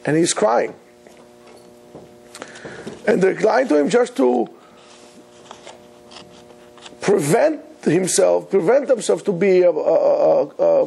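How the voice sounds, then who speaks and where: A rabbi giving a Torah lecture in a high, gravelly voice with a husky edge. He teaches with earnest emphasis, weaving Hebrew words into his English. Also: mellow.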